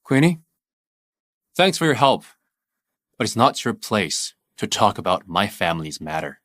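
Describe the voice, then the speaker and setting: An actor voicing a cold young CEO husband in a dubbed drama, curt and commanding. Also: male voice, fairly low pitch, very animated, unhurried, a bit bright. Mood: firm. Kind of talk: dubbed short-drama acting.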